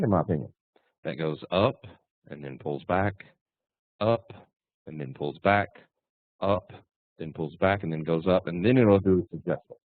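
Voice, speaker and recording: A man's voice: sits low, no echo. A man teaching trading in a casual webinar, folksy and blunt with punchy phrasing. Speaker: trading instructor. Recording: tinny phone-like dry line.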